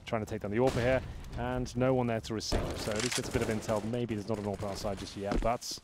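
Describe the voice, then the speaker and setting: A man giving live play-by-play commentary on a competitive shooter match, steady and analytical with dry asides. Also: fairly low pitch, fast, heavy background noise. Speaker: esports commentator.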